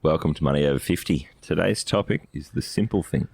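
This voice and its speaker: A man co-hosting a podcast, teasing his partner and quick to laugh. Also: rumbling low, vocal fry, a little mellow, breathy edge. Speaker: co-host, financial adviser. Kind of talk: casual podcast chat.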